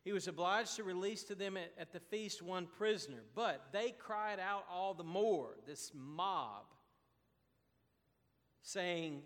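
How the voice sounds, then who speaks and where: High-voiced preacher in a reverberant hall. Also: male voice, expressive, fairly bright tone. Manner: slow, deliberate preaching with emphatic pauses. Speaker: pastor. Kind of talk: sermon.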